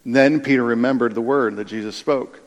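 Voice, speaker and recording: A male pastor giving a sermon, conversational and animated, with asides to the congregation. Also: mid-range voice, fairly quick, dull audio. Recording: long reverb of a large hall.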